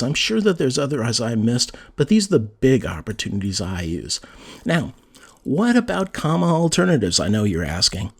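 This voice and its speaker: Husky man with a lively voice. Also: medium pitch. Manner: conversational, reads example sentences aloud with emphasis. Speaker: writing teacher. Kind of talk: casual spoken lesson.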